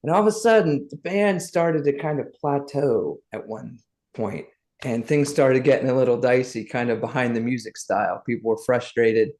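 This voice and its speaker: Man, middle-aged, podcast guest, animated storyteller. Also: mid-range voice, normal speed. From Southern United States. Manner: lively anecdotes, acts out the people he quotes.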